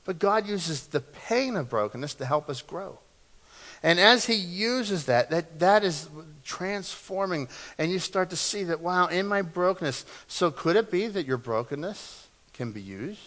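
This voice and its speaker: A male pastor preaching a sermon, leading the congregation in call-and-response and moving between loud emphasis and hushed, soft lines. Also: high-pitched, sing-song, unhurried. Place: church sanctuary. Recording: long reverb of a church hall.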